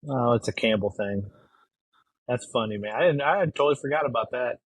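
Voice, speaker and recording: A man's voice: mid-range voice, a little fast, slightly rough, no echo, low-quality recording. A man who is a guest on a podcast, chatting loosely and laughing easily. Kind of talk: casual chat.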